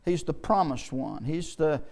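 A man preaching a sermon in a folksy way, often repeating and restarting words and slowing down to read scripture. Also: fairly high pitch, darkish tone.

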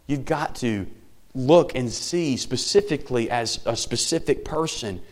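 A man in his thirties preaching a sermon, swinging between loud, emphatic lines and soft, near-whispered ones. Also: medium pitch, fairly quick. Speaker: pastor.

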